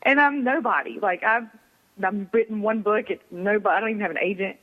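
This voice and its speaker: A woman's voice: medium pitch, brisk, phone-quality sound. A woman romance author telling a story on a radio talk show and acting out the people she quotes. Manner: lively, acts out quoted people. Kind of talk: casual storytelling on a radio interview.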